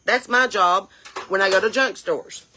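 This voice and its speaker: A woman's voice: mid-range voice, a little slow, bright, forceful tone, slight background noise. A woman playing a brash, indignant chain-smoking mom, scolding and firing off rhetorical questions. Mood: indignant rant. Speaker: comedy character creator. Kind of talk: character comedy rant.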